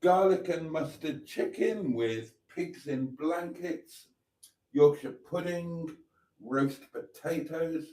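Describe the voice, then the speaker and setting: A man's voice: fairly high pitch, slow, mellow. A middle-aged man, chatting casually on a live stream and reading viewer comments aloud with playful asides.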